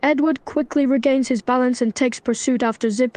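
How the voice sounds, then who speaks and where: A synthetic woman's voice giving chatbot story narration, smooth, even and unhurried. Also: high voice, no room sound.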